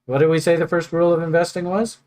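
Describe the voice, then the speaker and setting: A man hosts and teaches trading with a slightly high, darkish voice, talking fast in a flat delivery. His casual, rambling style includes joking, thinking aloud, and frequent fillers.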